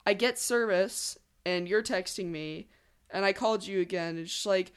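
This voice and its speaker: A young woman in her teens chatting casually, telling a hiking story with animated quoted voices. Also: mid-range voice, moderate pace, smooth. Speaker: daughter of the host. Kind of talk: casual family podcast chat.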